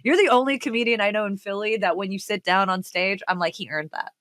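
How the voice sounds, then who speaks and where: A woman's voice: medium pitch, fast, fairly bright tone, no echo. Woman podcast co-host, dry close studio sound, bawdy jokey banter. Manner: bawdy, jokey, trails off mid-sentence. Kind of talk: casual comedic chat.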